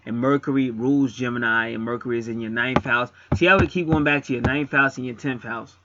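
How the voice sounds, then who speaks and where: A man giving a casual astrology reading, talking in an animated, repetitive and blunt way. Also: mid-range voice, a little fast, highs cut off. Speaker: astrology and angel card reader. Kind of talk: casual spoken chart reading.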